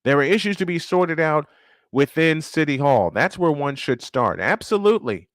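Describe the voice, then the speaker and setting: Ranting man with a lively voice. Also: fairly high pitch, moderate pace, dry recording, studio quality. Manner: animated, ranting, rhetorical questions, repeats points. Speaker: live-stream sports show host. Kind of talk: casual live-stream sports rant.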